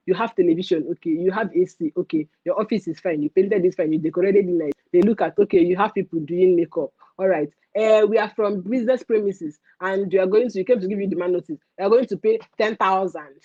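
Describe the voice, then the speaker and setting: A young woman with a Nigerian accent hosting a casual livestream rant, animated and mixing in pidgin phrases. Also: mid-range voice, fairly quick, breathy edge, no echo, lo-fi sound. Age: young adult. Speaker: livestream host.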